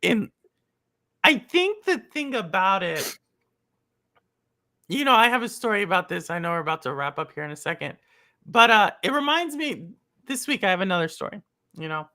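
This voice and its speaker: A woman from Texas hosting a podcast, telling stories in an animated, chatty way. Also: medium pitch, moderate pace, long pauses. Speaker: podcast host. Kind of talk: casual chat, storytelling.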